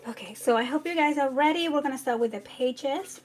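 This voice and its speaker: A woman hosting a live crafting tutorial, chatty and relaxed, talking to viewers while she works. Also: sits high, brisk. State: a bit out of breath. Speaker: craft channel host.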